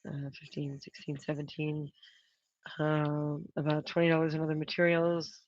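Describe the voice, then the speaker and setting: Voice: mid-range voice, completely flat delivery, moderate pace, no room sound. Crafter rambling on a dull livestream. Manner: rambling, thinks aloud and counts costs out loud. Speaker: prop maker hosting a livestream. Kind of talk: casual livestream chat while crafting.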